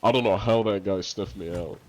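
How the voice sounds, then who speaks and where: A man's voice: on the low side, moderate pace. A young man streaming, casually answering viewer questions in a loose, rambling way full of fillers and the odd swear word. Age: young adult.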